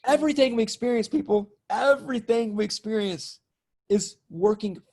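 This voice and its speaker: A man's voice: high voice, moderate pace, darkish tone. A middle-aged man guesting on a spiritual podcast, telling a story in casual chat and acting out his own quoted lines, with the odd swear word.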